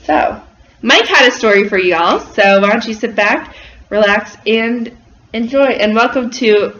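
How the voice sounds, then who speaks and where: A woman's voice: fairly high pitch, unhurried, a bit bright. A woman hosting her vlog in a bubbly, chatty way. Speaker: vlog host. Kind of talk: casual vlog chat. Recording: roomy, dull and slightly noisy.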